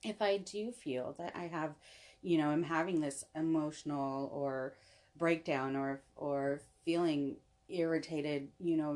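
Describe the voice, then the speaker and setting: A woman's voice: deep voice, darkish tone. A young adult woman, a podcast guest, talking in a rambling, casual way full of restarts and "you know". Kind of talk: casual chat.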